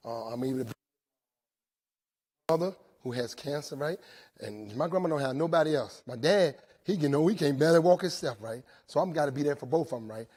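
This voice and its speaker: A man's voice: on the high side, breathy edge. A man in his forties from telling his recovery story to inmates, checking in often with "right?". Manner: animated storytelling, repeats "right?". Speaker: recovery speaker. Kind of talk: testimony talk to inmates.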